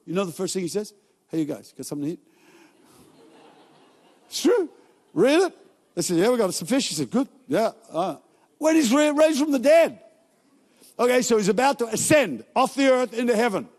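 Male pastor, fairly high voice, casual joking sermon delivery, recorded with long church-hall reverb. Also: expressive, darkish tone. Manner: casual, joking storytelling with quick asides.

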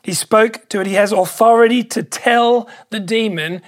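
A pastor preaching a sermon, emphatic and excitable, repeating key phrases for weight. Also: mid-range voice, normal speed.

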